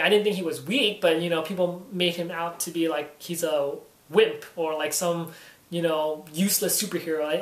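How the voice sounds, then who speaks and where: Rambling young-sounding man, roomy echo. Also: high-pitched. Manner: rambling, heavy with "you know" fillers. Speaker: comic book reviewer. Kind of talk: casual spoken comic review.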